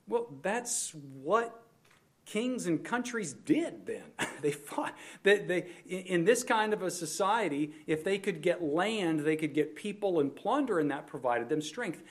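Slightly high-voiced man preaching a sermon. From United States. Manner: expository, emphatic on scripture, addresses kids directly. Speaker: pastor.

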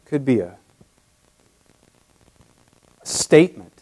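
A man preaching an expository sermon, moving between quiet explanation and loud emphasis. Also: medium pitch, expressive, a little slow, gravelly, long pauses, slightly rough. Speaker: pastor.

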